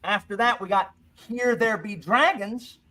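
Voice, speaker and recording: A man's voice: high voice, a little slow, sharp tone. A man hosting a bookish quiz game, playful and jokey, reading each clue twice. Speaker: quiz host. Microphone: desk microphone.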